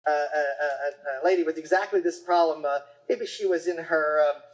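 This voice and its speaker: An acupuncture teacher giving a casual, rambling lecture, with frequent restarts and fillers and quick acted-out quotes of patients and parents. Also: medium pitch, low-quality recording.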